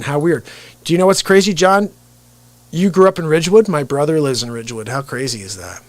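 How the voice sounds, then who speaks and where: A man from New Jersey hosting a casual live stream as a comedian, telling rambling, animated stories. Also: a little high, fairly quick, dry recording. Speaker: comedian and livestream host. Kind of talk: casual livestream chat.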